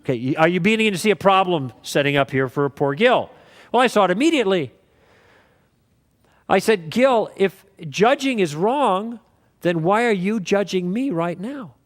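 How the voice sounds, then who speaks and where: A man with a high voice teaches a class, walking through his points in a relaxed, story-driven way. He quotes both sides of past conversations as he explains. The sound rings with a long reverb, as in a lecture hall. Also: normal speed.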